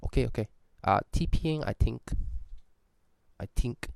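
Creaky-voiced man putting on a Singaporean accent. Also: mid-range voice, animated, normal speed, pauses often, darkish tone, a little hiss or hum. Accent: put-on Singaporean English. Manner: playful and profane, joking asides. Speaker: vlogger doing an accent tag. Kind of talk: casual chat reading prompts.

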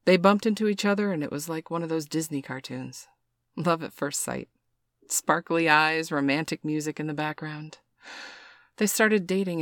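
A man reading an adult story aloud in a slow, soft, even voice. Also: fairly high pitch, gravelly, no room sound, clean studio sound. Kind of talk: scripted adult story narration.

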